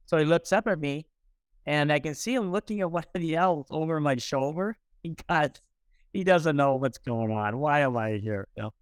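A man's voice: a little high, lively intonation, normal speed, clean tone, no echo, clean studio sound. A middle-aged man, a podcast guest, telling a personal story in an earnest, conversational way and acting out the dialogue.

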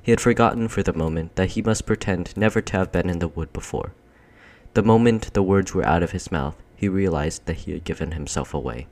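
A man reading a children's storybook aloud in a measured, expressive narration. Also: low-pitched. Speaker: audiobook reader.

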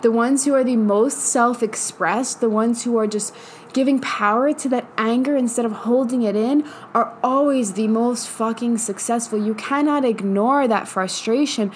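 A woman's voice: fairly high pitch, moderate pace, slight background noise. A young woman hosting a podcast, giving a casual motivational monologue, swearing a lot and laughing often. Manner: profane, emphatic, laughs often. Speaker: podcast host.

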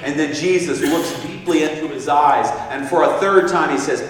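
A fervent male preacher delivering a sermon with exclaiming, heartfelt emphasis. His voice sits slightly high and comes from far off the mic. A big church hall echoes long after each phrase. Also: normal speed.

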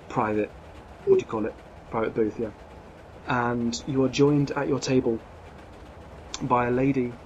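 A man narrating as game master of a tabletop role-playing game, describing scenes with frequent pauses and restarts. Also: lowish voice, gravelly. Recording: dull lo-fi sound, faint noise.

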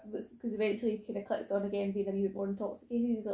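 A woman's voice: medium pitch, little pitch movement, very fast, mellow, reverberant, low-quality recording. A woman in casual podcast chat who laughs often and acts out quotes.

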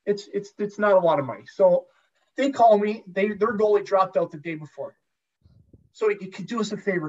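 A former pro hockey goalie telling a long, profane story as a guest in a casual chat, with lots of restarts. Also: male voice, high-pitched, normal speed. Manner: profane, rambling anecdotes with many restarts. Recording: dull lo-fi sound.

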